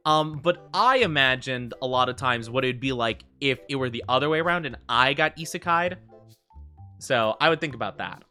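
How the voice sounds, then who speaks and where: Bright-voiced rambling male streamer. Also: medium pitch, expressive, moderate pace, clear, resonant tone. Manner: rambling, filler-heavy, laughs easily. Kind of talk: casual game stream commentary. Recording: faint background music.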